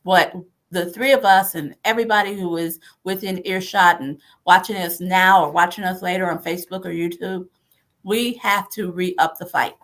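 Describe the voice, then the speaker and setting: A woman who chairs a party hosts a livestream over a video call, rallying supporters with emphatic, repeated calls to action in this political talk. Her voice is lowish and fairly bright, at normal speed.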